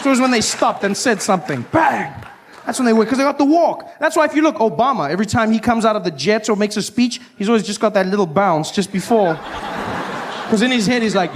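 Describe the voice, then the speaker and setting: A South African man performing stand-up comedy, animated and acting out voices, recorded live on stage. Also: high voice, quick pace, crowd noise, noisy background. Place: live comedy venue with audience.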